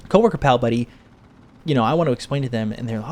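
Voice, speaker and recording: A man's voice: medium pitch, rapid-fire, a little mellow, slight background noise. A man telling a rambling, profane story as casual gaming commentary while he plays. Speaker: gaming streamer.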